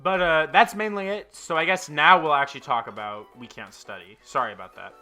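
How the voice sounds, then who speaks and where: A man's voice: fairly high pitch, a little fast, sharp tone, faint music behind. A young man casually reviewing manga chapters, swearing a lot and talking with frequent fillers and an exasperated edge. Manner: profane, exasperated, lots of fillers.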